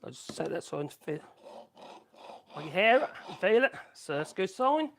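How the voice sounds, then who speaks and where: Chatty man with a lively voice. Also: sits high, normal speed, vocal fry. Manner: chatty, thinks aloud and hums tunelessly to himself. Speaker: woodworking livestream host. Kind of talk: casual live-stream chat while working.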